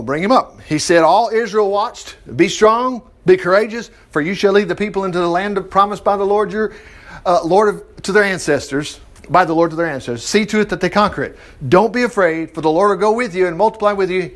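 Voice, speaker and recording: High-voiced guy reading the bible out loud, jumps in with jokes and asides. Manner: reads scripture aloud, breaks in with animated asides and laughs. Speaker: preacher. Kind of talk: Bible teaching with commentary.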